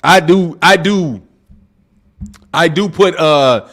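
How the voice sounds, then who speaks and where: A man hosting a live-stream boxing talk show, loud and excitable, projecting his voice and saying "bro" a lot while reading viewer super chats. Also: on the high side, slow pace. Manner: reads super chats aloud. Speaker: boxing channel host. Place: home live stream, sipping drinks.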